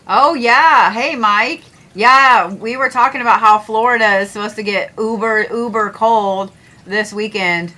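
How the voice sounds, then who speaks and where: A woman chatting casually on a livestream, grumbling and swearing, her voice swinging from loud to mumbled asides. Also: a little high, unhurried, poor audio. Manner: grumbling, profane, drifts between loud and mumbled. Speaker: astrology streamer.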